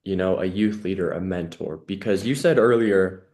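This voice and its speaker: A man with a somewhat low, slightly mellow voice hosts a casual podcast conversation at a moderate pace. Earnest and reflective, he fills his sentences with "you know" and "like."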